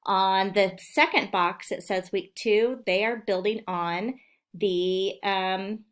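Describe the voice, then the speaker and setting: Woman teaching phonics slowly and clearly. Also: medium pitch, fairly even intonation. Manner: slow, clear teacher talk to young children, sounding out words. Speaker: elementary school teacher. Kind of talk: recorded home-learning phonics lesson.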